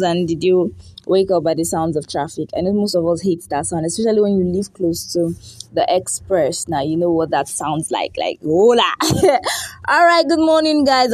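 A woman's voice: medium pitch, darkish tone, no room sound. Bubbly woman hosting a breakfast show. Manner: bubbly, repeats words for emphasis. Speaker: radio breakfast show host. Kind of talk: energetic radio talk.

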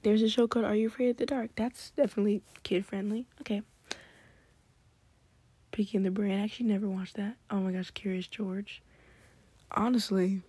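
A woman chatting excitedly in a hushed, whispery late-night ramble at home, trying not to be heard. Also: mid-range voice, a little fast, pauses often, husky, dry recording. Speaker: podcast host.

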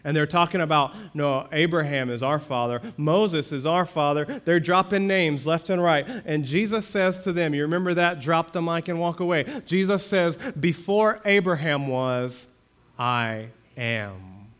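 A man preaching a Sunday sermon from the pulpit. His voice sits a little higher than most men's, and he keeps asking the congregation questions. He builds into fervent, emphatic peaks. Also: unhurried, a bit bright. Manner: preaching with rising fervor, rhetorical questions to the congregation. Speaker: pastor.

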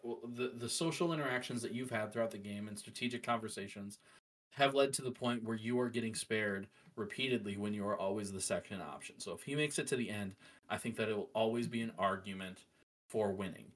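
A man co-hosting a podcast in casual chat, animated and opinionated, with frequent fillers. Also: fairly low pitch, a little fast. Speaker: podcast co-host.

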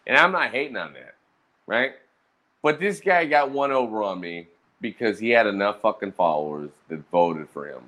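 A man's voice: on the low side, animated, normal speed, fairly bright tone. A man telling roast-battle stories in a brash, profane, casual monologue. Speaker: streamer recounting roast battles.

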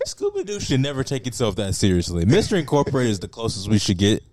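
A man's voice: medium pitch, wildly swooping pitch, quick pace, a loud crowd. A young man co-hosting a casual reaction chat, chatty and opinionated, laughing easily. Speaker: co-host.

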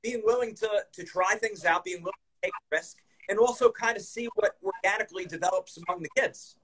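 A man hosting a casual interview, keenly summing up what his guest says. His voice sits high and sounds husky. He talks quickly. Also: a bit bright, poor audio. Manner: enthusiastic, reflects back the guest's points.

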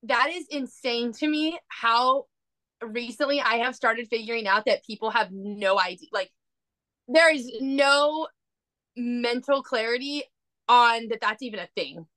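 A woman hosting a casual interview, emphatic and quick to agree with her guest. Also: a little high, fairly bright tone, no echo. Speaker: podcast host.

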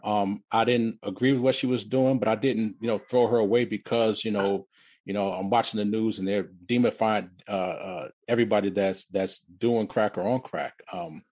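A man in his fifties, originally from Detroit, telling his life story as an interview guest in a halting way, often repeating and restarting words. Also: lowish voice, steady tone, darkish tone, dry recording. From Detroit, USA.

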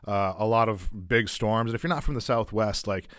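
A man's voice: lowish voice, moderate pace, fairly bright tone, clear, resonant tone, no echo, clean studio sound. A man from Arizona, telling a detailed personal story in a casual chat, earnest with a wry humor. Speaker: podcast co-host and guest storyteller.

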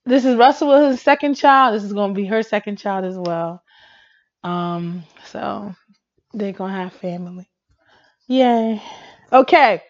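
A woman chatting casually about pop music and celebrity gossip, excitable, laughing often and breaking into song. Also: mid-range voice, a little slow, pauses often, muffled recording. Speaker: pop culture vlogger.

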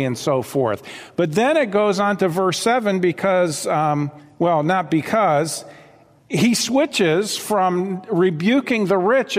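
A man's voice: sits high, in a large hall. A man preaching a sermon as pastor, earnest and conversational, often repeating phrases for emphasis.

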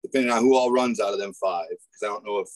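A man who is a guest on a racing podcast, chatting casually and laying out his points in a measured way. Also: on the low side.

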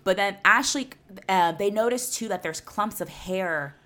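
A woman's voice: mid-range voice, measured pace, crowd noise. A woman co-hosting a podcast, retelling a film in a casual, laughing, profane chat. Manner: animated, laughing storyteller, swears freely. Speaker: podcast co-host.

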